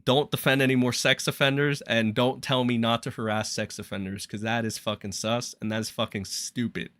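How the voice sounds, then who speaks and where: A man's voice: medium pitch, level tone, brisk, fairly bright tone, slight background noise. A young man hosting a live stream, talking in a rambling, exasperated and profane way. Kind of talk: casual live-stream commentary.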